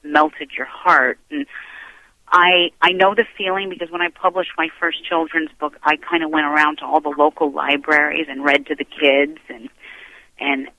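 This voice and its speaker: A man's voice: a little high, level tone, normal speed, sharp tone, no room sound. Effusive male radio host on a phone line. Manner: effusive, gushing praise. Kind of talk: casual interview chat.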